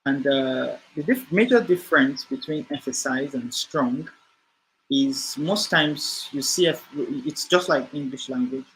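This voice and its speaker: A man's voice: medium pitch, a little slow, fairly bright tone, slight background noise, low-quality recording. A man teaching a screen-share coding lesson, talking it through off the cuff with frequent fillers and restarts. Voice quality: hesitant, many fillers and restarts while explaining. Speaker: coding instructor.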